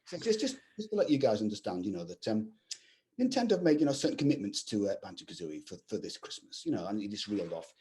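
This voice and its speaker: A man's voice: fairly low pitch, sing-song, quick pace, dark tone. A middle-aged man, a guest video game composer, rambling through anecdotes with lots of "you know" fillers in casual chat. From England.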